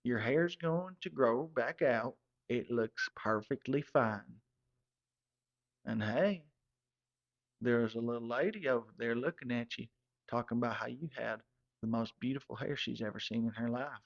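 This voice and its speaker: A man's voice: medium pitch, unhurried, gravelly, no room sound, muffled recording. Man putting on smug Earl Junior, drawling. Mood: teasing.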